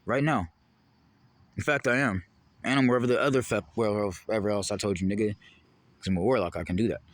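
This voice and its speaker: A man's voice: fairly low pitch, fairly quick. A man in a heated, rambling, profane monologue to the camera. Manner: heated, rambling, profane, jumping between topics. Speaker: vlogger.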